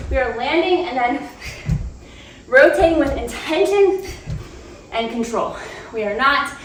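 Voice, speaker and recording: A woman's voice: sits high, recorded from a distance, slight background noise. A woman fitness instructor cueing a home cardio workout, upbeat and chatty, out of breath as she talks. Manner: upbeat, chatty, laughs between cues. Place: room at home. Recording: roomy, off-mic home recording.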